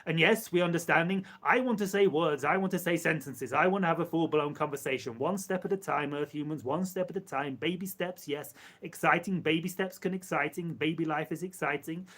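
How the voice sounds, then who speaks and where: Man, slightly high voice, live channeling, speaks as "we", measured, repetitive phrasing. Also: fairly bright tone. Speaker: channeler speaking as a collective entity. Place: live stream.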